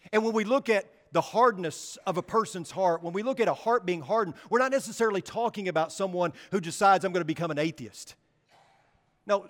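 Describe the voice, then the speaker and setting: A man preaching a sermon in a church, earnest, slowing down for emphasis and dropping quiet on key words. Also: high voice. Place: church sanctuary. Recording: long hall reverb.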